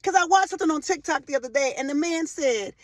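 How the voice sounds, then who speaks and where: A woman in her forties delivers a faith-based motivational talk in a high, ringing voice. She speaks with fervent emphasis, hammering home repeated phrases and surging into loud, emotional peaks. The recording is dry and close, with no room echo. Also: animated, fast talker. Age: 40s. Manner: rises to loud emotional outbursts.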